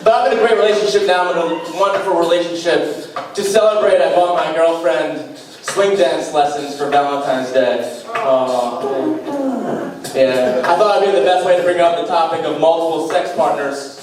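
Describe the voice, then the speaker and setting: A young male stand-up comedian delivers deadpan one-liners with self-deprecating asides, his slightly high voice at normal speed. He sounds far from the mic in a small club with heavy echo, over crowd noise, faint beatbox, and room noise.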